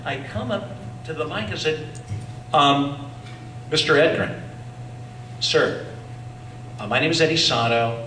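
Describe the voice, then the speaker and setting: A man telling animated stories at a convention, acting out voices and whispering asides. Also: fairly high pitch, a little slow, long pauses. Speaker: convention speaker. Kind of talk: animated storytelling. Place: convention hall. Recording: echoey hall, far from mic, faint noise.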